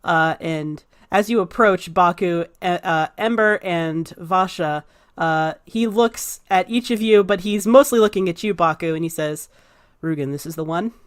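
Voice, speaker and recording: A woman game master narrating a tabletop game. She rambles, fills pauses with um and uh, and swears casually as she describes the scene. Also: fairly low pitch.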